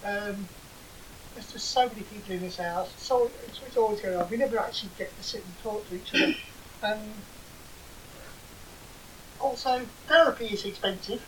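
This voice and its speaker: A woman's voice: mid-range voice, normal speed, long pauses. An English woman, probably in her forties, co-hosting a podcast and telling stories in a dry, sarcastic way. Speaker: podcast co-host. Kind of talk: casual banter. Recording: distant mic with faint hiss.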